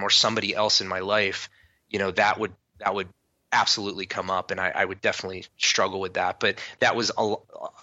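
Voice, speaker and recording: An earnest man speaks in a slightly low, very bright voice. He stumbles and restarts as he recalls the past. The recording is dry and dull, like lo-fi audio. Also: dry recording. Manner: earnest, halting, with frequent self-restarts. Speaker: interviewee. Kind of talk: candid personal recollection.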